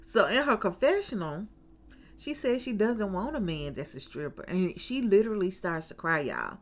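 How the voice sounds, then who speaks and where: Woman, casual reality TV recap, chatty, acts out what people said, asides to viewers, middle pitch. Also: very animated, normal speed.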